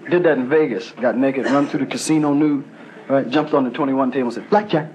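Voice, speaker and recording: A man's voice: medium pitch, fast. A man doing a loose, profane stand-up routine in a conversational way. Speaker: stand-up comedian. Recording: loud noisy live stage recording.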